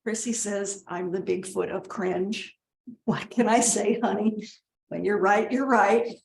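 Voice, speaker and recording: A woman playing a rambling, slow-talking mother at a toast. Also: medium pitch, steady tone, gravelly, a little mellow. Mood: chatty. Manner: rambling, interrupting herself to scold and coax family members. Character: rambling, self-deprecating middle-aged mother of the bride. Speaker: mother giving a wedding toast. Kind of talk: comedic monologue. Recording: roomy echo.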